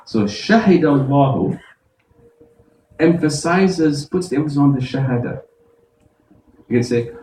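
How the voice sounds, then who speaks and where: A man, an imam, giving a Friday sermon, explaining verses step by step and reciting Arabic quickly. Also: mid-range voice, animated, a little mellow, roomy sound, far from the mic, soft background music, poor audio. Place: mosque prayer hall.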